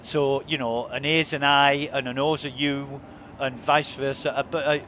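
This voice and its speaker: A man's voice: mid-range voice, level tone, normal speed, a bit bright, a little hiss or hum. A man chatting casually and enthusiastically while streaming a game, swearing freely. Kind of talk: casual chat while gaming.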